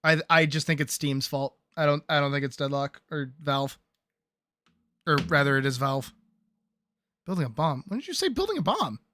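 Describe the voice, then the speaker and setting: A man chatting casually on a game stream, relaxed and talkative, answering chat and laughing often. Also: fairly high pitch, moderate pace, pauses often, no echo.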